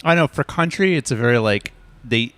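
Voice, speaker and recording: A man's voice: medium pitch, expressive, brisk, a bit bright. A male co-host on a music review stream, laughing often and giving technical feedback on mixes. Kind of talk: casual stream chat.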